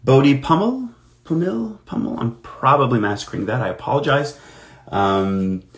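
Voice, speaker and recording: A man's voice: lowish voice, normal speed, faint music behind. A man, an actor, chatting casually on a live stream while signing autographs, telling anecdotes in a self-deprecating way.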